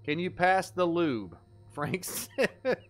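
A man's voice: high voice, sing-song, slow, soft background music. A young adult man giving live gameplay commentary as a streamer, goofy and joking, swearing at his mistakes.

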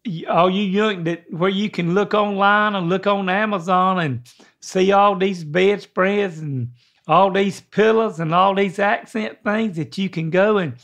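Folksy older man, high voice. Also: measured pace, a bit bright, lo-fi sound. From American South. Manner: folksy, rambling, clears throat often. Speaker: guest father giving advice. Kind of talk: casual chat.

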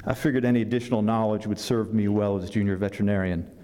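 A man reads a passage from his own novel to an audience. His voice is mellow and relaxed, with fillers and restarts when he talks freely. Long reverb from a large hall trails every phrase. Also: on the low side. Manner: halting with fillers when speaking freely, steady when reading. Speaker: author at a book fair reading. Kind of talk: public reading from his novel. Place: event hall.

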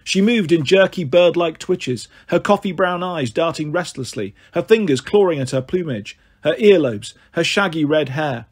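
Husky man reading a storybook aloud. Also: a little high, normal speed, few pauses. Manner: steady, occasionally stumbles on words. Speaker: narrator. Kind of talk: audiobook reading.

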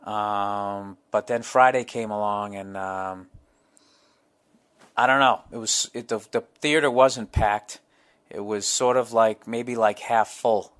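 A man's voice: lowish voice, fairly even intonation, slow, fairly bright tone. A middle-aged man, hosting a solo podcast, telling profane, rambling comic stories. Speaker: podcast host.

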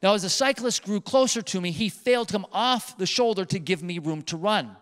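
A male pastor delivers his sermon in an animated storytelling manner, leaning on emphatic repetition. His voice sits high and comes through smooth and resonant. The sound carries a long reverb from a large church sanctuary. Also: a little fast.

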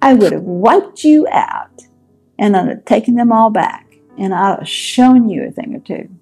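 A woman's voice: medium pitch, animated, a little slow, warm tone, slightly rough, soft background music, low-quality recording. A woman voicing Laban, an angry old father-in-law who bursts out in accusations. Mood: indignant. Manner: blustering, accusing.

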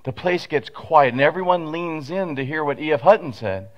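A man's voice: a little high, lively intonation, moderate pace, dull audio. A man preaching a conversational sermon as pastor, telling stories with asides and rhetorical questions, at a pulpit microphone in a church sanctuary.

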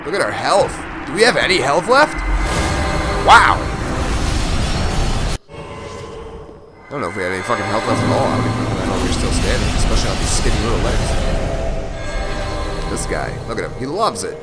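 A man commentating his online matches in a loose, profane, joking way. His pitch swings widely, and he jumps from mumbled asides to excited shouts. Loud music plays behind him the whole time. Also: normal speed, long pauses. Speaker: gameplay commentator. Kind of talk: casual gameplay commentary.

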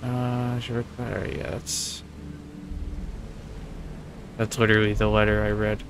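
A man's voice: on the low side, flat delivery, slow pace, gravelly, slight background noise. A man playing a video game and commenting casually, swearing, joking and sarcastic. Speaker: gaming video host.

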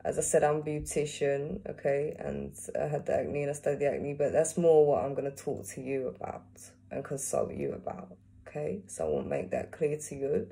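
A woman's voice: low-pitched, expressive, moderate pace, vocal fry, dark tone. A woman beautician giving casual advice to camera, who tags nearly every phrase with a checking "yeah?" or "okay?" and now and then asks an unseen helper a question aside.

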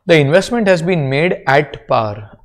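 A man's voice: fairly high pitch, expressive, measured pace. A man with an Indian accent giving a classroom accounting lecture, explaining step by step and checking in with students.

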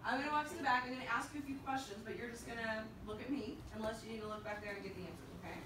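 A woman French teacher leading her class, counting down and reading aloud slowly in chorus with the students, then explaining in a brisk, lively way. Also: fairly high pitch, heavy background noise. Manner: animated, leads choral reading with slow drawn-out words and countdowns. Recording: echoey classroom from far off.

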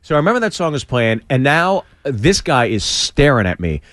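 A male stand-up comic spins a story in a radio studio, his pitch rising and falling a lot. He restarts his lines often and acts out the other characters. The sound is dry and close to the mic. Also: very animated, moderate pace, a bit bright, no echo. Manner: acts out quoted voices, lots of restarts. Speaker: stand-up comedian guest. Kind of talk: animated storytelling.

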